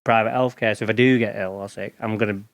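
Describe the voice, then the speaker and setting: A man's voice: on the low side, steady tone, fast talker. Man, middle-aged, from England, casual interview guest, informal, storytelling. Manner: chatty, storytelling, informal slang. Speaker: podcast guest, lawn care expert.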